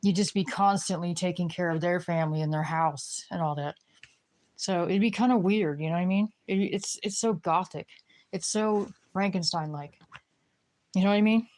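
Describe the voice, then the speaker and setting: A woman ranting casually to the camera in a somewhat low voice. She rambles and swears, circling back on herself with filler phrases. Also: normal speed, a little mellow. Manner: rambling, profane griping, lots of fillers.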